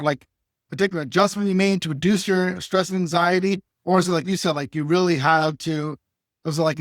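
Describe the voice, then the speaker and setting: Guy hosting a podcast, kinda high voice, dry close mic, lots of "like". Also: no echo. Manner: questions full of "like" and restarts. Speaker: podcast host. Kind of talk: conversational interview.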